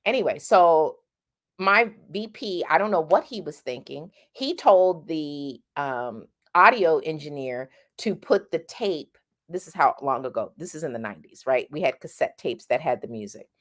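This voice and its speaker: Low-voiced woman teaching singing. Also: animated, normal speed. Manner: chatty, often asks "right?"; demonstrates sounds mid-sentence. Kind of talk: casual vocal lesson.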